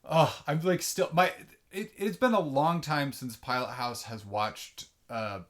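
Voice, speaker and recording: A man co-hosting a podcast in relaxed casual chat, often agreeing with his partner. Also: medium pitch, measured pace. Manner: relaxed, frequent agreeing fillers. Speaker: podcast co-host.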